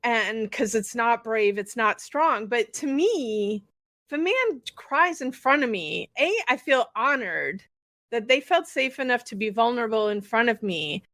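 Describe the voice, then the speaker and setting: A woman co-hosting a podcast, speaking in a relaxed, reflective and earnest way. Her voice sits a little high and is recorded close and dry, with no room sound. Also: a little slow, dry recording. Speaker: podcast co-host and bodyworker. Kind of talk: casual chat.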